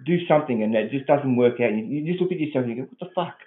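A man's voice: mid-range voice, expressive, racing. An Australian man ranting crudely and swearing bluntly in casual chat, rambling as he talks. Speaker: podcast co-host. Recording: tinny phone-like audio.

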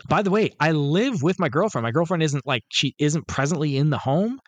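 A man's voice: a little high, expressive, a little fast, dry recording. A man co-hosting a podcast, telling a rambling, profane story and acting out the quotes. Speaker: podcast co-host. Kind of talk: casual storytelling chat.

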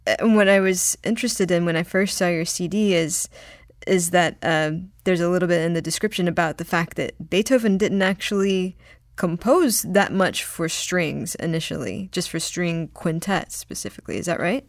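A woman's voice: lowish voice, normal speed, dry recording. Curious woman radio host, dry studio. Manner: friendly, curious, laughs easily. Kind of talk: casual radio interview.

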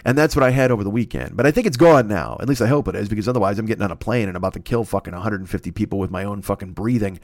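A man's voice: fairly low pitch, rapid-fire, few pauses, no room sound, studio quality. A man hosting a podcast, in a rambling, profane comedic monologue that trips over itself and keeps swearing. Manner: rambling, self-interrupting, swears constantly. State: recovering from a cold. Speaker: podcast host.

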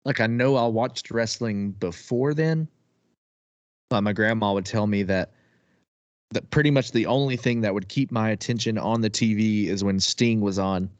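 Male co-host, excitable and loose, laughs easily, dry close mic. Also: on the low side, normal speed, no echo, muffled recording. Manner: excitable, laughs often, swears casually. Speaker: podcast co-host. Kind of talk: casual chat.

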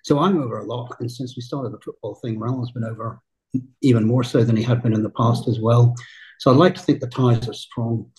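Man from Northern Ireland, club co-owner, husky timbre, steady measured delivery. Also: medium pitch, rough recording. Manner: measured, thoughtful, uses "right?" and "look". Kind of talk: casual interview chat.

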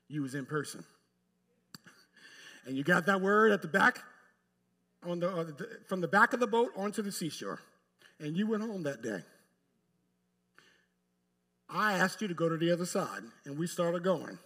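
A male pastor preaching a sermon to a live congregation in a church, speaking emphatically with long pauses and addressing the pews directly. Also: high voice, pushed and bright.

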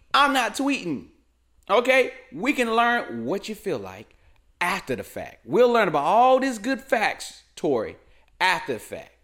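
Animated high-pitched male comic ranting. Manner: animated, slangy, keeps saying "man". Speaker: comedic commentary host. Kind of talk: loose comedic rant.

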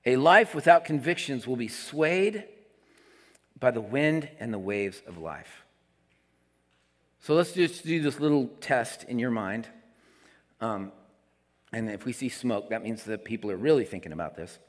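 A man preaching a sermon as pastor of his church, talking casually with the congregation. He drops into soft asides and then rises on emphatic statements. His voice rings with the long reverb of the sanctuary. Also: mid-range voice, expressive, unhurried, pauses often. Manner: conversational preaching, swings between soft asides and emphatic lines.

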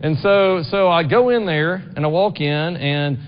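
Middle-aged pastor preaching, kinda high voice, chatty w/ lots of "right?", muffled echoey church sound. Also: male voice, measured pace, clear, resonant tone. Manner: conversational, frequent "right?" asides to the congregation. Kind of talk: sermon. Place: church sanctuary. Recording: dull long-reverb church recording.

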